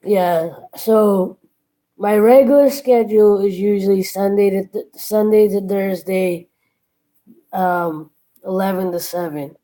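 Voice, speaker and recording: A woman's voice: mid-range voice, slow, warm tone, rough recording. A tired woman chatting casually with her live-stream viewers from her workplace, yawning and thanking them one by one.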